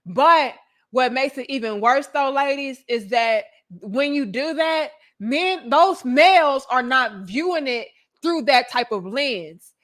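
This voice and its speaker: High-voiced woman giving blunt advice. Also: expressive, takes it slowly, fairly bright tone. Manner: blunt, emphatic, profane big-sister talk. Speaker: relationship advice vlogger. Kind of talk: blunt relationship advice monologue.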